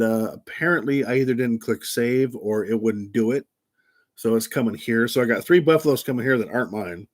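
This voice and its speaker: Blunt, profane older man on a livestream. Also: medium pitch. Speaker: livestream host. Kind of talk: casual livestream chat.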